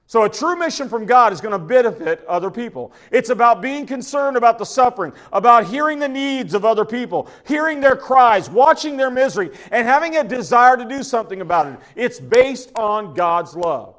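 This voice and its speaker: Pastor, man with a high voice, folksy sermon delivery with frequent restarts. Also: expressive, normal speed, fairly bright tone. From Oklahoma. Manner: folksy, conversational preaching with repeated restarts.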